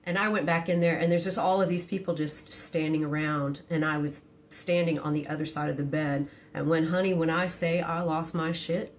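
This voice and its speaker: A middle-aged woman telling a personal story in a casual storytime, blunt and profane but quiet, never raising her voice. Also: steady tone, normal speed, few pauses, slight background noise. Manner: quiet, low-key delivery.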